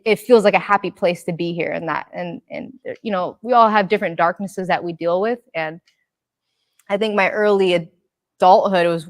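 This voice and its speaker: A woman talks as a guest in a relaxed conversation, her voice low for a woman. She gives earnest, encouraging advice and repeats her key phrases. The recording is dry and close. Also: no room sound. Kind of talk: casual conversation.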